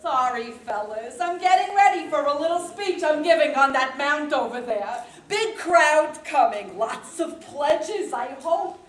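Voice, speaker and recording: A woman's voice: sits high, expressive, a little slow, hardly any pauses. A woman playing Jesus as a money-minded, wisecracking carpenter in an amateur comedy play, who swings from pious preaching to haggling. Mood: schmoozing. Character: schmoozing Yiddish-talking carpenter Jesus, male, money-minded. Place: synagogue stage. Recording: echoey hall.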